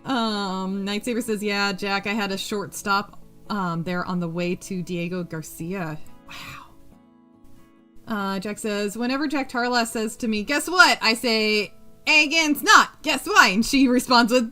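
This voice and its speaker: A woman's voice: mid-range voice, measured pace, pushed and bright, faint music behind. A woman hosting a casual craft live stream, reading chat aloud, laughing often and swearing freely as she works. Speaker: streamer and host.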